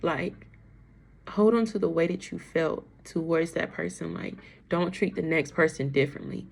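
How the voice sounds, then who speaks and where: A woman's voice: lowish voice, normal speed, vocal fry, a little mellow, breathy edge. A woman giving a casual, emotional tarot reading on a livestream, chatting straight to her viewers. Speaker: tarot reader.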